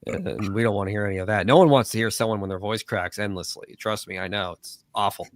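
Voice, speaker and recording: A man's voice: on the low side, fast, no room sound, clean studio sound. Joking man hosting a live stream, voice prone to cracks. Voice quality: voice cracks often. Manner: animated, joking, quotes others in put-on voices. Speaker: live stream host reading chat. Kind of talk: casual live stream chat.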